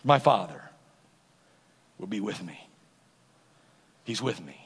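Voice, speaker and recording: A preacher voicing Jesus, earnest and resolute. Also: male voice, fairly low pitch, lively intonation, takes it slowly, a bit bright, husky, pitched below the performer's own voice, heavily acted. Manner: earnest, emphatic. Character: Jesus, solemn and resolute, foretelling being left alone. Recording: long reverb of a large hall.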